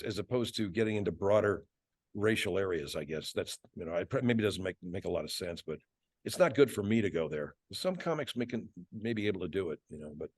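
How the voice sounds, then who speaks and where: A guest voice actor, a man with a lowish voice, chats thoughtfully in a casual interview and slips into character voices now and then. He is reflective and restarts his sentences often. The recording is studio quality with no room sound.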